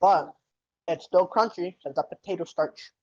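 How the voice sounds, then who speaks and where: A man's voice: high-pitched, normal speed, no room sound. Young guy joking while eating. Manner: joking, eats while talking, swears casually. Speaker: podcast co-host. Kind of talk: casual chat. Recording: dull lo-fi sound.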